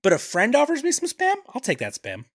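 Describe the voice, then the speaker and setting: A man co-hosting a movie podcast, summarizing the plot and cracking deadpan jokes. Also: very high voice, fairly quick, dry recording, clean studio sound. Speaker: podcast co-host. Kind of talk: casual movie podcast chat and plot recap.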